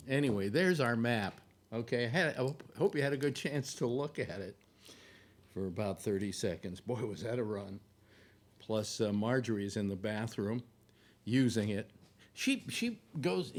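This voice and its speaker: A man hosting a casual live stream from home, rambling and joking, out of breath and tripping over fillers. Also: mid-range voice. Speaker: host of a live online show. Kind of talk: casual livestream talk over a map.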